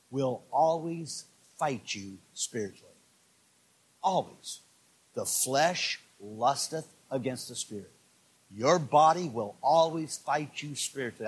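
A man preaching a sermon as pastor, swinging from low, quiet asides to shouted, fired-up exhortation. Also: husky.

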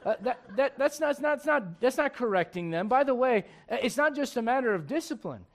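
A man preaching a sermon in church, animated and digressive, with frequent asides to the congregation. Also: very high voice, fairly quick. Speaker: pastor. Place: church sanctuary.

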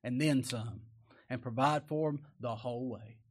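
A man delivers a sermon at normal speed, reading old-style scripture verses aloud and commenting on them in plain, folksy language. His delivery swings between loud, emphatic peaks and low, quiet asides.

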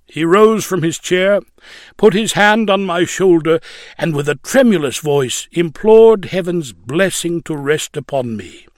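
Slow, solemn male story reader. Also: fairly high pitch, lively intonation, dry recording, studio quality. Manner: measured, solemn reading. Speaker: narrator. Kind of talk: scripted reading of a religious story.

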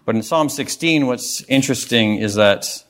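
A man's voice: medium pitch, moderate pace, a bit bright. A male pastor giving an earnest, emphatic sermon, reading scripture and stressing key phrases.

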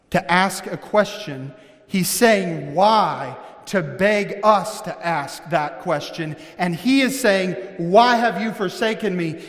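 A pastor preaching a sermon with passion, calling out members of his congregation by name. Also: fairly high pitch. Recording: long hall reverb.

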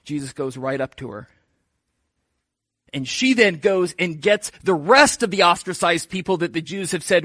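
A man's voice: high-pitched, expressive, moderate pace, fairly bright tone, no room sound. A man preaching a sermon in a casual, joking storytelling manner. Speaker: pastor.

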